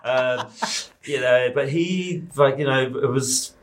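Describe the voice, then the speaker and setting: A man with a New Zealand accent speaks slowly at medium pitch. He's a film director appearing as a guest in a casual interview, talking loosely and ramblingly with plenty of fillers.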